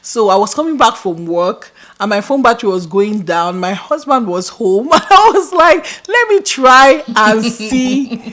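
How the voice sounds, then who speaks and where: A woman with a Nigerian accent, co-hosting a podcast and telling stories in casual chat, animated and often laughing. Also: mid-range voice, normal speed, few pauses. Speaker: podcast co-host.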